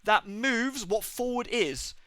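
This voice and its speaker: Brief: male streamer, high bright voice, dry mic, animated self-mocking chatter. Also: slow pace, no room sound. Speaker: game streamer. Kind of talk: live gameplay commentary.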